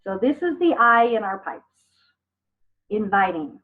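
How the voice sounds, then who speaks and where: A woman's voice: medium pitch, very animated, a little slow. A woman teaching an online business class in a chatty, upbeat way, talking to her students by name over a video call. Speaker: business trainer. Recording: phone-like video call audio.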